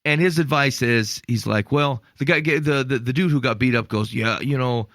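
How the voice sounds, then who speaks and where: A man with a gravelly, slightly fried voice talks through stories on a podcast, getting worked up and exasperated as he goes. His delivery is animated and full of restarts and filler words. The sound is dry and close to the mic. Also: mid-range voice, moderate pace, few pauses, dry recording. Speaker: podcast co-host. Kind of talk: casual faith podcast discussion.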